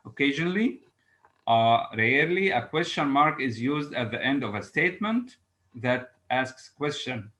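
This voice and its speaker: Man, grammar teacher, bright voice, halting delivery, frequent fillers. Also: a little high, rough recording. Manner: halting, frequent "uh" fillers, reads examples aloud slowly. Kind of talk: classroom grammar lesson.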